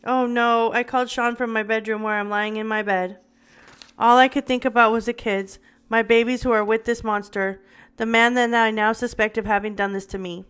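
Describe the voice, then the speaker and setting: A woman's voice: fairly high pitch, a bit bright, clean tone. A woman reading a memoir aloud in the first person, dramatic and with occasional stumbles. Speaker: reader.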